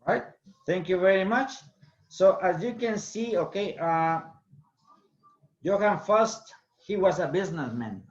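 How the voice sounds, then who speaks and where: Teacher, "okay?" after each point. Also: male voice, high voice, dull audio. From Guatemala. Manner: explanatory, frequent "okay?" checks. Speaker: English teacher. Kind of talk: classroom teaching.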